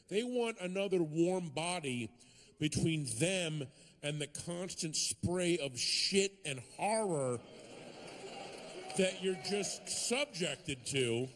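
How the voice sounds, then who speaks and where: A man performing stand-up comedy, telling stories with animated swings and sudden shouted punchlines. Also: high voice. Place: comedy stage before a live audience.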